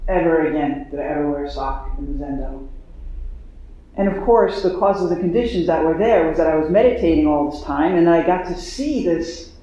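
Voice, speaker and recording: A man's voice: fairly high pitch, normal speed, dark tone. A man telling a personal story in a dharma talk, chatty and self-mocking, with lots of fillers. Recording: echoey dull hall recording.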